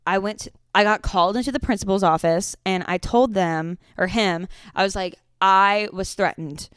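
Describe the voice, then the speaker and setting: A woman's voice: mid-range voice, fairly quick, clean tone, no echo, clean studio sound. A woman in her twenties hosting a casual solo podcast, telling stories in a chatty, swearing way. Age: 20s. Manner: chatty storytelling with frequent swearing. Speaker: podcast host.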